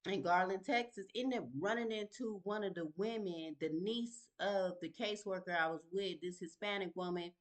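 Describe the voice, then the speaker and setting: A woman's voice: mid-range voice, normal speed, hardly any pauses. A woman telling her own story in a vlog, talking in an emphatic, conversational way and often asking "you feel me?". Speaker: vlogger sharing her story. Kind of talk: casual personal storytelling.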